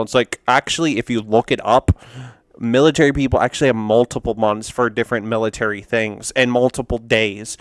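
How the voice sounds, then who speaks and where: Reacting to memes on video, a man riffs casually in a frank, rambling way full of fillers and restarts. His smooth, clear voice sits at middle pitch with fairly even intonation and normal speed. The sound is close and dry, without echo or room.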